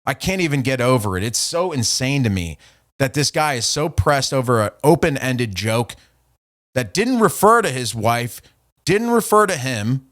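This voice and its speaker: A man's voice: mid-range voice, very animated, moderate pace, a bit bright. Guy on a podcast going off, swearing a lot, mocking this dude, normal mid voice. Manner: profane, mocking, reading out messages. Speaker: podcast host. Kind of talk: casual podcast rant.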